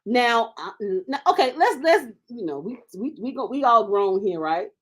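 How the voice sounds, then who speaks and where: A woman co-hosting a talk show in a casual debate, speaking a little higher than most women. She lays out her points with emphasis and cuts in with repeated "wait" and "okay" to hold the floor. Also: big pitch swings, moderate pace. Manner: emphatic, keeps cutting in with "wait".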